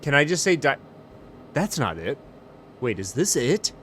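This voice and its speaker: A man's voice: medium pitch, very animated, unhurried, a little hiss or hum. Panicky, swearing man playing a pilot. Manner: panicky, profane, lurching between muttering and shouting. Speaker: flight sim streamer. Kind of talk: comedic role-play as an airline pilot.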